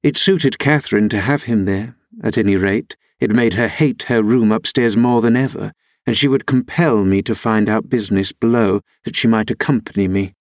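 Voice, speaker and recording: A man narrating a classic novel as an audiobook reader, in a measured, even storytelling delivery. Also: lowish voice, dry recording, studio quality.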